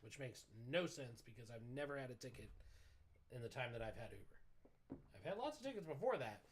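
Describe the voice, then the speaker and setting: A man's voice: medium pitch, brisk, slight background noise. A man co-hosting a podcast, telling a story in a casual, exasperated rant full of profanity. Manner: animated, exasperated ranting with profanity. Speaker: podcast co-host.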